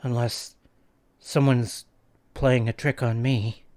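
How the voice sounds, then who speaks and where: A man's voice: mid-range voice, level tone, takes it slowly, a little mellow, natural voice. A man voicing a brash, mocking teenage boy who likes pranks.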